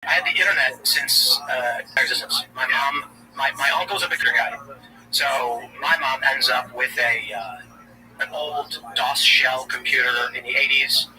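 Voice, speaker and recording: A man's voice: mid-range voice, measured pace. A man in his late thirties hosting a livestream, telling rambling casual stories and laughing at his own jokes. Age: late 30s. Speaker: livestream host. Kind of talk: casual chat. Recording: distant mic with noisy ambience.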